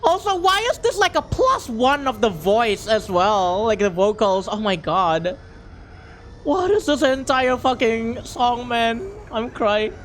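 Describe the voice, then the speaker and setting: A young adult streamer talking casually on a live stream. The voice swings widely in pitch, full of excitable energy, quick laughter and flustered, repeated words. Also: slight background noise.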